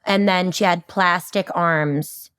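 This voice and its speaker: A woman in her forties, a podcast guest, telling stories in a lively way, laughing often and acting out other people's voices. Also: fairly low pitch, slow, smooth. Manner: animated storyteller, laughs often, acts out voices. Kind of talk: casual chat.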